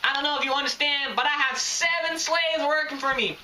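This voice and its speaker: A woman reads a letter aloud on a mock newscast, then answers it bluntly. Her voice is high. She sounds distant in an echoey room with a loud hiss behind her. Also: fairly quick, few pauses.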